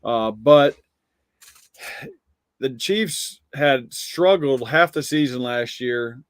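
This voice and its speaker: A laid-back man co-hosting a casual sports betting chat, his voice middle-pitched and close in a dry, dead room. He speaks in a measured way and often restarts his sentences. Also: clear, resonant tone, dry recording. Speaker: podcast co-host.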